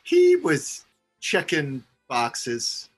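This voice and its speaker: A man plays a hero in a tabletop game and keeps pushing and prodding other characters. His voice is a little high, with faint music underneath. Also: huge pitch swings, very slow. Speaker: player. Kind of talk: tabletop game role-play.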